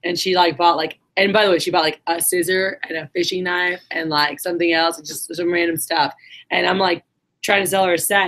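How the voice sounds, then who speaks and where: A woman's voice: lowish voice, steady tone, a little fast, a bit bright. A woman giving a casual, swearing motivational talk to her sales team, acting out the voices in her stories. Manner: casual storytelling, acts out quotes, swears.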